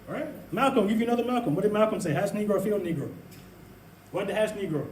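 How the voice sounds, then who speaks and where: Man, high voice, impassioned lecture, rhetorical questions, roomy echo. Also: quick pace, slight background noise. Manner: animated, rhetorical questions, laughing asides. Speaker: speaker addressing an audience. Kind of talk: impassioned lecture to a live audience. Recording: echoey room, voice from a distance.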